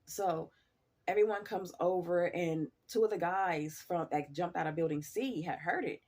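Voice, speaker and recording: Husky woman telling a story. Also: on the low side, normal speed, a little mellow. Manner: blunt and profane, chatty. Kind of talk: casual storytelling.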